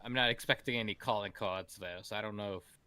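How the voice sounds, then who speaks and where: A man playing a tabletop game, speaking in a measured, polite way. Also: lowish voice, pushed and bright, clear, resonant tone. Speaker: player. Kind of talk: tabletop game role-play.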